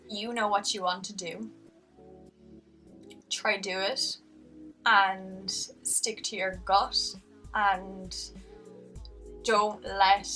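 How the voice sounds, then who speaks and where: A woman's voice: mid-range voice, sharp tone, far from the mic. A young adult woman, talking earnestly in a casual vlog, rambling a little and restarting her sentences. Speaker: vlogger.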